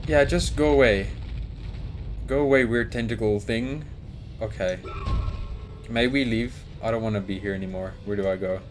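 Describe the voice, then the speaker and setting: Pitched fairly low, this young man's voice moves at a moderate pace with frequent pauses while he narrates his game for a YouTube let's play. He panics out loud and addresses his character and the monster directly, over faint game music.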